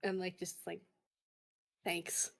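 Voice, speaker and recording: A woman's voice: mid-range voice, slow pace. A woman narrating as game master of a tabletop game, hesitant and full of fillers.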